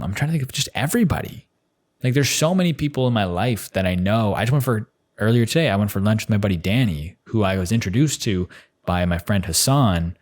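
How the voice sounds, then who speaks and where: A man in his twenties talking casually on his own podcast, rambling with lots of fillers. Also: lowish voice. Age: 20s. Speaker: podcast host. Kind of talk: solo podcast monologue.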